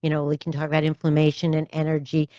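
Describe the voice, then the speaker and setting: A woman's voice: sits low, completely flat delivery, fast talker, dark tone, no room sound, muffled recording. A woman podcast host and doctor in conversational interview, thoughtful and peppered with "you know" asides.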